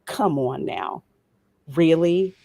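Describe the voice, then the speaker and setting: A woman with a Louisiana Creole accent argues her point on a discussion panel, emphatic and sarcastic with mounting indignation. Her voice sits low, and the sound is dry and close with no room around it. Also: slow pace, vocal fry, dark tone, no room sound.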